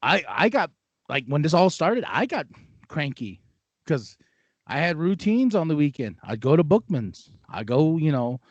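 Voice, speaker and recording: A man talking casually on a podcast, his pitch swooping up and down as he tells a story, stammering and restarting. He puts on voices for the people he describes. The recording is dry and a little dull. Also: big pitch swings, measured pace, no echo. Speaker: podcast co-host. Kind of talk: casual chat.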